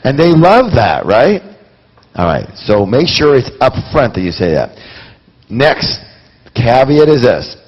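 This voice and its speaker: Husky, animated seminar man. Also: medium pitch, takes it slowly, big-room sound, dull audio. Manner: animated, quizzes the audience with rhetorical questions. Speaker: seminar speaker. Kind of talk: live motivational seminar talk.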